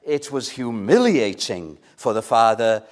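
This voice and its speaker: Slow, earnest male preacher. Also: medium pitch, expressive. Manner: measured, earnest, with pleading emphasis and questions to the congregation. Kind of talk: sermon.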